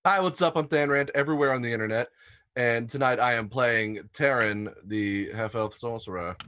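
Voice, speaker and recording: A man's voice: mid-range voice, normal speed, bright, forceful tone, dry recording. A man playing in a tabletop game, joking and teasing on a video call. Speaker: player. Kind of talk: casual livestream chat.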